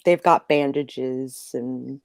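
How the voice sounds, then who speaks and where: A woman narrating and running a tabletop role-playing game in a relaxed, descriptive way. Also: very deep voice, slow, a loud crowd. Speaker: game master.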